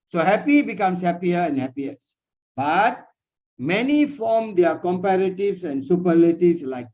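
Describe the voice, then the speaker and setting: A man with a fairly high, slightly mellow voice tutors English in a one-on-one online lesson, patiently explaining grammar and often checking in with "huh?" and "you see." He's indoors in a personal meeting room, and the video call audio sounds dull and lo-fi.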